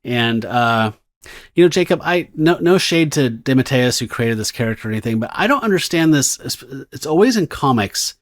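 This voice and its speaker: A man's voice: medium pitch, expressive, normal speed. Rambling, laid-back male podcast host. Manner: rambling, swears, reads comic dialogue in put-on voices. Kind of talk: casual podcast chat about comics.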